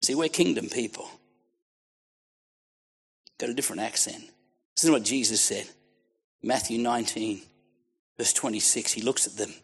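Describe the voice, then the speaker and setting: An Australian man preaching a sermon to a congregation, fervent and exhorting, dropping to hushed tones and then rising to near shouts. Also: mid-range voice, moderate pace, long pauses, husky.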